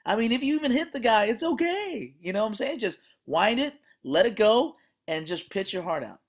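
Teacher doing an excited little-league coach dad, way up high, begging his kid to just pitch, says look look look. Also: moderate pace, slightly rough. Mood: reassuring. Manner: pleading, repetitive pep talk. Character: encouraging youth baseball coach dad.

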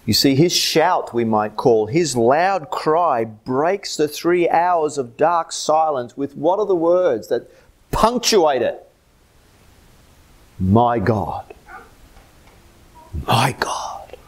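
An Australian man preaching from the pulpit, his voice sitting a little higher than most men's. He swings from loud, emphatic lines down to low, hushed ones as he drives his points home. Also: lively intonation, slow pace. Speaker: pastor. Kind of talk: sermon.

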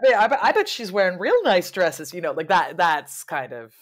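A woman historian who lives in London speaks as a guest in a casual interview, animated and digressive, breaking into quick laughs and playful mock quotes. Her voice is on the low side.

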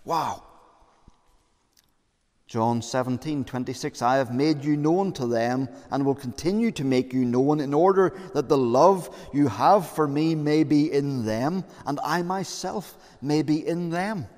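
A man's voice: fairly high pitch, unhurried, darkish tone. A man preaching a sermon as pastor, earnest and conversational, with fillers and repeated phrases. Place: church. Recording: long church reverb.

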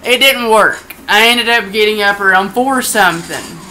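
A woman's voice: mid-range voice, moderate pace, bright, forceful tone, a little hiss or hum, rough recording. A sleepy woman chatting casually during a game, telling a rambling story full of swearing. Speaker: co-commentator. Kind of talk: casual chat.

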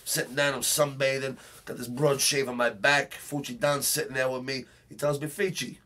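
A man's voice: mid-range voice, steady tone, normal speed. A man doing a brash Brooklyn tough guy. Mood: boastful. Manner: boastful, profane, shouting rants. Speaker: comedic character host. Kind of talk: comedic character monologue.

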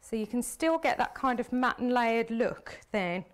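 A woman's voice: a little high, expressive, unhurried. A woman demonstrating card making on a live stream, chatting as she works with her hands. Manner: chatty, talks while working with hands. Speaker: craft demonstrator.

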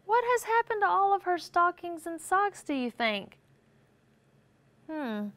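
A woman's voice: very high voice, unhurried, no room sound. A woman teaching young children, reading a picture book aloud and asking them questions as she goes. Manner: animated, asks questions and answers for listeners. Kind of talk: storybook read-aloud lesson with questions to children.

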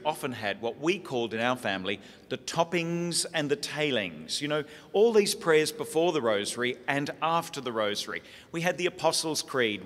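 An Australian priest telling funny family stories in a lively sermon talk. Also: male voice, medium pitch. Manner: lively comic storytelling. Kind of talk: humorous sermon storytelling. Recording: echoey hall.

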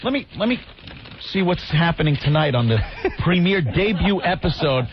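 A man's voice: on the high side, animated, moderate pace, crowd noise. A young adult man co-hosting a radio show, bantering in a sarcastic, mock-enthusiastic way and laughing often. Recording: slightly dull lo-fi radio recording with faint hiss.

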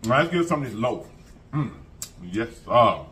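A man's voice: medium pitch, moderate pace. A man hosting an eating show, chatting to viewers and humming as he tastes. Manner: animated, savoring with hums and mm-hmms; chatty, calls viewers y'all and baby. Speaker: food vlogger.

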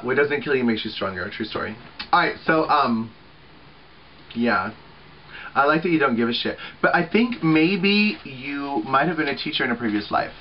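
A man in his thirties talks to his webcam in a loose, chatty way, swearing freely and filling gaps with ums and asides. His voice sits in a middle pitch, and the recording sounds a little muffled, with faint hiss underneath. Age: 30s. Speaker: vlogger on a group channel. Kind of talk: casual weekly video chat.

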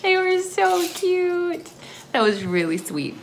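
A Texas mother and family vlogger chats and tells stories with plenty of giggles in a casual home vlog. Her voice is very high with vocal fry, and she speaks slowly. It's a home video with steady background noise.

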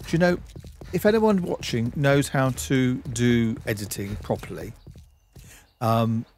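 A man's voice: medium pitch, a little mellow, slight background noise. A man streaming a game, giving chatty let's-play commentary and talking to himself and to objects on screen.

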